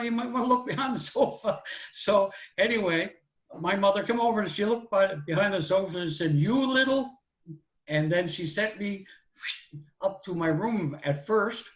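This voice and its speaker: A man's voice: high voice, echoey room, rough recording. A man, telling a childhood story in a folksy, rambling way. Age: 60s. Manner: folksy and rambling, with "so anyway" and "right?". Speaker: guest storyteller. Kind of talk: live oral storytelling.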